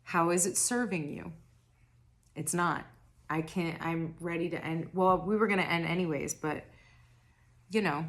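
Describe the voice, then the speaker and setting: Young woman tarot vlogger, unhurried rambling delivery with slightly low pitch, throat worn raspy and tired. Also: fairly even intonation. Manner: rambling, self-interrupting, laughs at herself. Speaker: tarot reader. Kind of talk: casual spiritual reading to camera.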